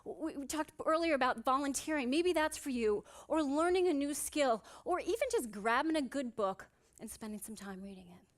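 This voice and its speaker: Expressive and high-pitched, a woman psychiatrist speaks at a moderate pace during an on-stage motivational talk at a conference. She mixes in amusing anecdotes and asks the audience rhetorical questions.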